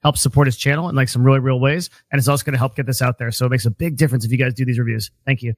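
A man's voice: medium pitch, steady tone, dry recording. Upbeat man with a dry close sound. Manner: quick, upbeat asides, laughs often. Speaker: podcast co-host. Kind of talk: casual podcast chat.

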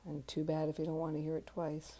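A woman in her forties hosting a podcast, talking casually in a soft, halting way, worn out from crying. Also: low-pitched, completely flat delivery. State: exhausted from crying. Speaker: podcast host. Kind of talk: casual spoken tribute monologue.

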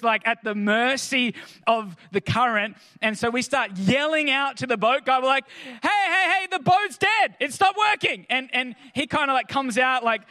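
High-voiced man telling a story. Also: bright, forceful tone. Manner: chatty, lots of "like" and "kinda", acts out quotes. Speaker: speaker addressing an audience. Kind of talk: anecdotal storytelling to a crowd.

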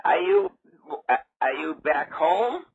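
An older man with a raspy, gravelly voice, rambling in confusion and repeating himself in prank call clips. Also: a little high, wildly swooping pitch, slow. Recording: muffled phone line.

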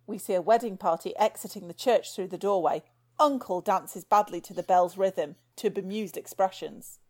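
A woman's voice: mid-range voice, moderate pace, darkish tone. A woman co-hosting a comedy podcast, teasing dryly and reading out stage directions. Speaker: podcast co-host.

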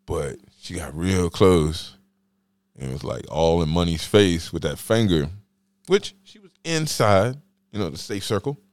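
A man's voice: deep voice, animated, unhurried, a little mellow, no room sound. A man hosting a solo podcast, telling a story in a rambling, slangy, joking way. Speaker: podcast host.

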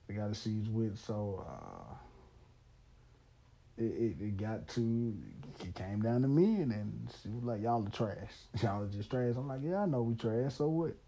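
A man's voice: lowish voice, mellow. A man in his thirties hosting a podcast, telling a story in a loose, candid way with lots of "man" and easy laughter. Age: 30s. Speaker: podcast host. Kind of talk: casual storytelling monologue.

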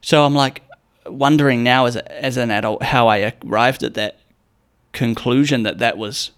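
A young man spinning a long, rambling story in casual chat. His voice sits at an ordinary middle pitch, and he swears freely and drops into little acted-out voices for the people he quotes. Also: fairly even intonation, normal speed, a bit bright, clear, resonant tone.

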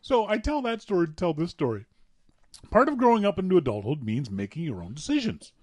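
His fairly high voice a little fast and free of room sound, a Canadian man co-hosts a podcast. He shares stories in a casual, playful, animated way, cracking himself up along the way.

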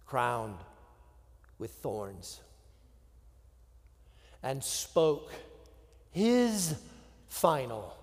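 A man preaching a sermon, with dramatic pauses and drops to a hushed voice. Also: mid-range voice, sing-song, in a large hall. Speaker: pastor.

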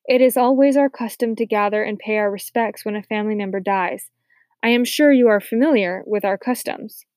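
Woman reading a calm clever mother. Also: mid-range voice, a little fast, dry recording, natural voice. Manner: calm, then falsely eager. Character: calm quick-witted mother protecting her family. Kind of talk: audiobook character reading.

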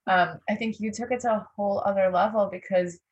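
A woman's voice: mid-range voice, brisk, dull audio. Encouraging woman host asking questions. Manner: warm, encouraging, hesitant phrasing with fillers. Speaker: interview host. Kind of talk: casual interview.

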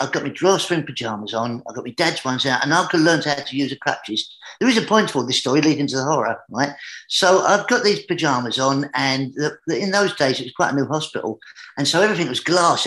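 An English man tells a comic tale from his youth, his voice pitched a touch high and growing livelier as the story builds. The recording sits in a roomy space with a noticeable echo. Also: fairly bright tone. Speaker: guest entertainer. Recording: roomy echoey room.

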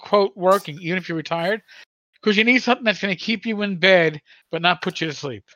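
A man's voice: sits high, fairly quick, sharp tone, no echo, low-quality recording. A man in his sixties, a podcast co-host, telling a long rambling story in casual chat with many stammers and restarts.

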